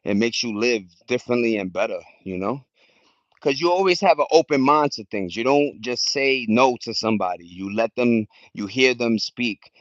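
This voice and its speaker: A man's voice: medium pitch, normal speed, dry recording, lo-fi sound. A man vlogging in a casual, slangy, rambling way, chatting loosely to his viewers from home. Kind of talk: casual chat to camera. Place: at home with plants and a cat.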